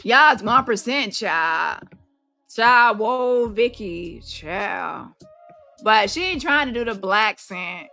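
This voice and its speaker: A woman hosting a casual online commentary show, brash and animated, swearing and mocking the people she talks about. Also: mid-range voice, takes it slowly, creaky, faint music behind. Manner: animated and brash, swears freely, mocks voices.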